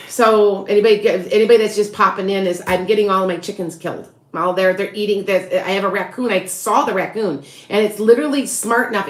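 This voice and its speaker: A woman's voice: mid-range voice, roomy sound. A middle-aged woman hosting a casual livestream from her rural home, rambling and frustrated, sighing often and restarting her sentences. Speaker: livestream host.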